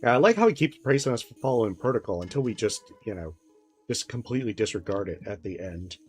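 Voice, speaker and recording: A woman's voice: very deep voice, animated, fast, darkish tone, breathy edge. A woman streamer giving casual commentary while playing a story game, joking and acting out the characters in asides. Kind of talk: casual let's-play commentary. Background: game music.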